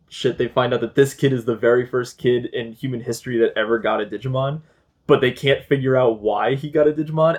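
Casting: young male podcast host, lively storyteller, laughs and swears, mid pitch. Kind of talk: casual chat.

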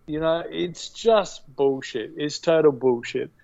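A man's voice: a little high, gravelly, a little mellow. A man co-hosting a podcast, agreeing with his partner and adding his own chatty points in casual conversation. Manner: agreeable, chatty, drawn-out asides. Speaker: podcast co-host. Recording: dull lo-fi audio.

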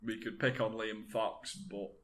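A man's voice: fairly low pitch, flat delivery, a little slow, a bit bright, echoey room. A young man hosting a comedy podcast, telling rambling jokey stories. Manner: jokey, rambling storyteller who acts out voices. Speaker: podcast host. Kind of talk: casual comedy chat.

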